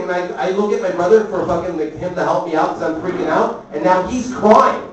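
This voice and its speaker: Male stand-up comic, slightly high voice, rambling and profane, heard from a distance in a very echoey club. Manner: rambling, profane, quick asides to the crowd. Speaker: stand-up comedian. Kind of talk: stand-up storytelling. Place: comedy club. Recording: echoey club recorded from afar.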